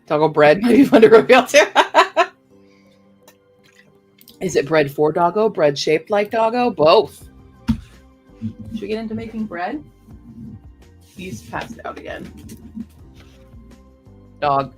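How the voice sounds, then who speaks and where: Chatty woman streamer with lively pitch. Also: a little slow, pauses often, breathy edge, faint music behind. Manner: rambling, chatty, talks to viewers and her dog. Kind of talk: casual live-stream chat.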